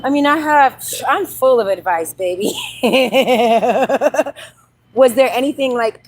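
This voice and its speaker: A woman, chatting casually on a live stream from a trail while out walking, lively and laughing often. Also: high-pitched, rough recording. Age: 40s. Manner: chatty, animated, laughs often, reads viewer comments aloud. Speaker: livestream host. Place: outdoor trail on a dog walk.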